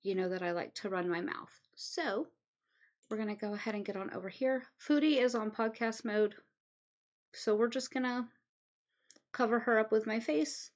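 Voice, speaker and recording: A woman's voice: fairly high pitch, normal speed, lo-fi sound. A woman at home giving casual, rambling commentary, chatty and full of "um"s. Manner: rambling, chatty, many ums. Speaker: commentary host.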